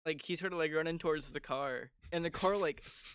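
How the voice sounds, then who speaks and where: A young man co-hosting a podcast in casual chat, giggly and quick to laugh. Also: a little high, fairly bright tone, smooth, dry recording. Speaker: podcast co-host.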